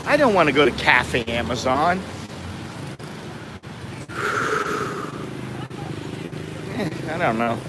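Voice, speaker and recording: A travel vlogger from the United States walking through a city, chatting in a wry, self-mocking way with chuckling asides, sweaty from the heat. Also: male voice, mid-range voice, sing-song, slow, long pauses. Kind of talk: casual walking vlog. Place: busy city streets outdoors. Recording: outdoor street noise.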